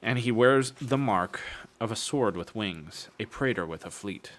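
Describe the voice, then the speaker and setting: A man's voice: fairly low pitch, animated, a little slow, a bit bright. A man streaming a casual book reading, breaking off with wry, swearing jokes between passages. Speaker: streamer reading a novel aloud.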